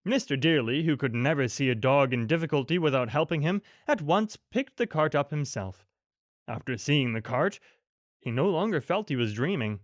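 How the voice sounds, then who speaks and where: A man narrating a children's bedtime audiobook in a gentle, expressive storytelling manner. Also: a little high, normal speed, dry recording, studio quality.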